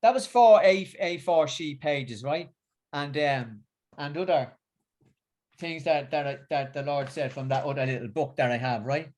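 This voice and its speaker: Halting Northern English man preaching. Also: fairly high pitch, darkish tone. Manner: halting, with many repeats and fillers. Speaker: religious speaker. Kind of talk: religious talk and casual chat.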